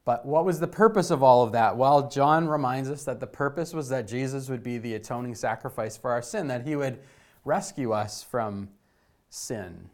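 A middle-aged man preaching a sermon as a pastor, telling stories with swings between emphatic lines and hushed ones. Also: medium pitch, normal speed.

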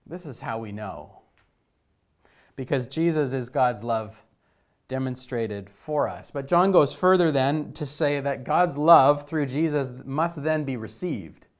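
A middle-aged man preaching a sermon as a pastor, telling stories with swings between emphatic lines and hushed ones. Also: mid-range voice, expressive, slow.

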